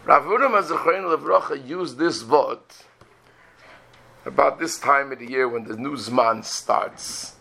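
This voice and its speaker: A man's voice: medium pitch, measured pace, vocal fry, pushed and bright, poor audio. A man, a rabbi, giving a religious lecture full of rhetorical questions and acted-out prayers.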